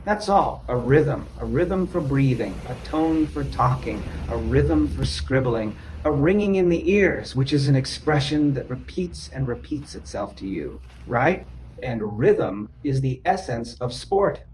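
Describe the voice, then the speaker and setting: A male therapist explaining ideas to a client in an emphatic, repetitive way, sometimes chanting rhythms out loud. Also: medium pitch, lively intonation, unhurried, a little hiss or hum, low-quality recording.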